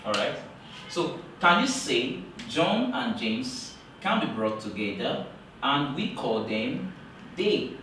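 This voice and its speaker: A man teaching English grammar in a classroom lecture, talking slowly and repeating key points for emphasis. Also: medium pitch, very animated, pushed and bright, a little hiss or hum. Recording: very echoey room, voice from far off.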